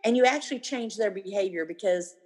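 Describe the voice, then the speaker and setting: This woman in her fifties has a husky, medium-pitched voice and talks fairly quickly. As a casual interview guest, she's animated and plays out the quoted speech of others.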